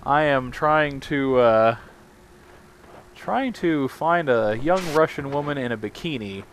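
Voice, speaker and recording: A man's voice: mid-range voice, lively intonation, slow pace, a little hiss or hum. A man hosting a let's play, giving casual gameplay commentary with rambling, self-mocking, jokey asides.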